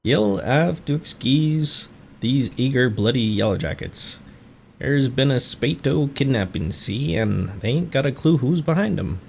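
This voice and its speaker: A man voicing a rough, friendly male tavern keeper in a salty dialect, with a gravelly edge. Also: medium pitch, fairly quick, few pauses, slight background noise, close to an everyday voice. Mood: confiding. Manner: piratey dialect, dropped endings, hearty.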